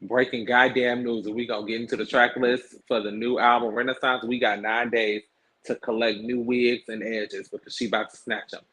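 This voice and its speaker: A man hosting a casual celebrity gossip show, talking in a sassy, animated way full of slang. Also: mid-range voice, brisk. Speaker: host.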